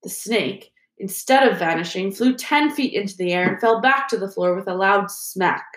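A woman's voice: mid-range voice, normal speed, fairly bright tone. Woman reading an audiobook in a roomy space. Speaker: audiobook narrator. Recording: roomy echo.

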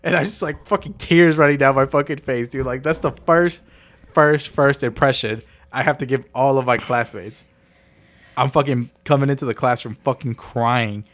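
A man's voice: medium pitch, moderate pace, a bit bright. A young man co-hosting a podcast, telling a childhood story in a profane, laughing way. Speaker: podcast co-host. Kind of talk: casual storytelling chat.

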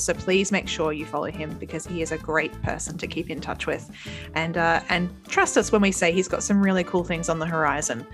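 A woman co-hosting a podcast, talking in a chatty, enthusiastic way with plenty of fillers. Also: lowish voice. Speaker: podcast co-host. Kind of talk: casual chat and read outro.

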